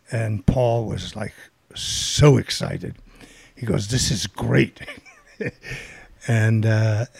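An older man telling a long anecdote casually, rambling and animated, acting out the people he quotes. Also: medium pitch, gravelly, no room sound. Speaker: guest storyteller.

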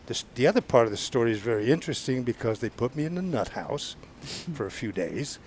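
Older Southern US podcast guest, storyteller, stammers and restarts, voice in the middle range. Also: male voice, mid-range voice, animated, fairly quick, a little mellow, a little hiss or hum. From Georgia, US. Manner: rambling, stammering restarts, sound effects. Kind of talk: casual storytelling.

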